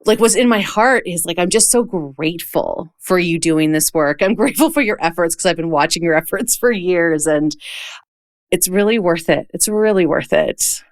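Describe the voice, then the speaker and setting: A woman hosting a podcast interview, chatty and effusive, quick to laugh. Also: fairly low pitch, expressive, no room sound, clean studio sound. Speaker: podcast host. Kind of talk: casual interview chat.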